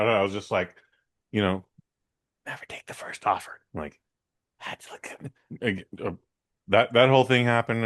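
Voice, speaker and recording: A man's voice: on the low side, fairly bright tone. A man co-hosting a podcast in casual banter, joking and often stammering as he restarts his sentences. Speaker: podcast co-host.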